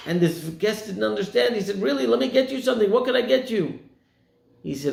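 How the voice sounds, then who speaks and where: An American rabbi delivers a sermon in an echoey room, telling stories and acting out their characters, raising his pitch when voicing quoted people. His gravelly, darkish voice is expressive and fairly quick.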